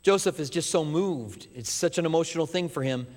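A man preaching a sermon as a pastor, an animated storyteller who drops to hushed emphasis, heard in a church sanctuary. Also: a little high, brisk. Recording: long hall reverb.

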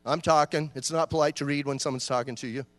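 A man preaching a sermon in an animated, joking way, acting out short voices and talking back and forth with the congregation. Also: on the high side, quick pace, no echo, long reverb tail. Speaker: pastor.

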